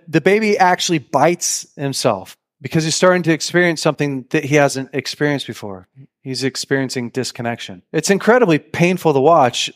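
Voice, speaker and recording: A man giving a sermon to a live audience, telling stories and acting out the lines of the people in them, and often turning to his listeners with direct questions. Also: fairly high pitch. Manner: animated storyteller who acts out quoted lines. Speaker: preacher.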